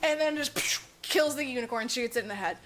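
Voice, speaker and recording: A woman's voice: a little high, fairly quick. A woman podcast co-host recapping a movie in casual chat, swearing freely and mimicking the characters as she goes. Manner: animated, profane storytelling, mimics characters.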